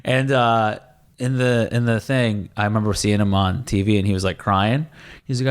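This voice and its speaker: A man's voice: lowish voice, moderate pace. Male podcast host, casual rambling storyteller. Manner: rambling storyteller, laughs mid-sentence. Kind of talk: casual chat.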